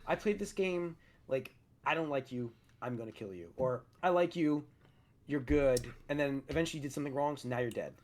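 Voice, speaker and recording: A man co-hosting a gaming podcast, chatting in a relaxed, agreeable way. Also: medium pitch, fairly quick, slight background noise. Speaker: podcast co-host. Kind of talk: casual gaming podcast chat.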